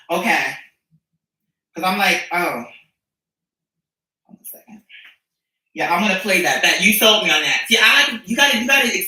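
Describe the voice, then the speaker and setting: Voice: medium pitch, pushed and bright. Sassy, rambling streamer in an echoey room. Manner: rambling, sassy and profane, often restarts. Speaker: streamer and musician. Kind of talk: casual chat with viewers. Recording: echoey room, mic at a distance.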